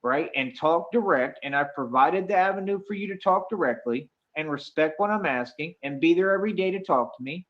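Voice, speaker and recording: Man, high voice, insistent, lecturing, dull lo-fi clip audio. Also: animated, brisk, few pauses. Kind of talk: ranting video clip.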